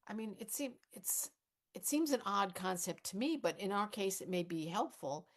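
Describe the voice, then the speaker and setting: A woman in a live improv scene plays a cautious older activist who muses hesitantly and pokes wry holes in the plans, coming across dry and mildly skeptical. Her medium-pitched voice is expressive and close to everyday speech, at a moderate pace.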